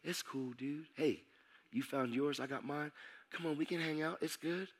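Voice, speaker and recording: A man voicing his laid-back young guitarist friend, soft-spoken and easygoing. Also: a little high, expressive, a little fast, slightly rough, heavily acted.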